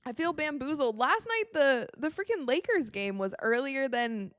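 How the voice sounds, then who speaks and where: An excitable woman from the United States giving casual live commentary while watching a game, tired and yawning, with quick reactions and frequent laughs. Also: high-pitched, dry recording, studio quality. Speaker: live-stream sports commentator.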